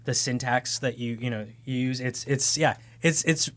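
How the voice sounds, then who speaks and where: A man's voice: medium pitch, steady tone, normal speed, a bit bright. A man co-hosting a podcast who talks in a chatty, loose way, full of fillers, in a casual chat. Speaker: podcast co-host.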